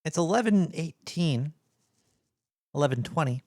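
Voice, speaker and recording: Gravelly guy hosting late night radio, rambly, kinda high voice, dry close mic. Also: lively intonation, measured pace, darkish tone, dry recording. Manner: rambling, stumbling, easygoing. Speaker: radio show host.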